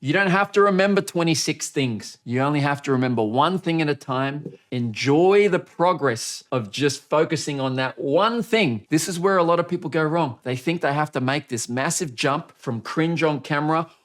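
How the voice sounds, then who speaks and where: A man teaching on-camera speaking as a coach, energetic and demonstrative, often shifting his loudness, pace and pitch to show what he means. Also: moderate pace, hardly any pauses. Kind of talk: coaching video lesson.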